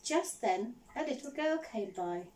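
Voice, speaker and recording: A woman teacher reading a picture book aloud to children, animated and often stopping to ask them questions. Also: fairly high pitch, a little slow, far from the mic, poor audio. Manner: animated, asks the listeners questions.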